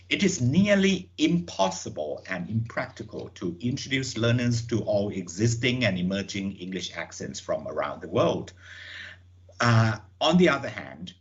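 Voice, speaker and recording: A man giving a webinar lecture to teachers, reading from slides in a measured way with many fillers and repeated words. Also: lowish voice, lo-fi sound. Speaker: webinar speaker on English teaching. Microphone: computer mic on a video call.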